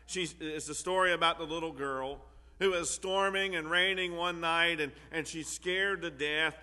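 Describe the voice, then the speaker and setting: A man's voice: fairly high pitch, steady tone, normal speed, pushed and bright, in a large hall. A man preaching a sermon in an earnest way, repeating key phrases for emphasis.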